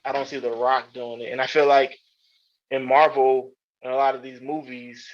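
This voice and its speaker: A man's voice: medium pitch, little pitch movement, moderate pace. A man co-hosting a podcast, chatting casually with rambling, profane opinions and many restarts. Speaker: podcast co-host. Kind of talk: casual chat. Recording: dull lo-fi sound.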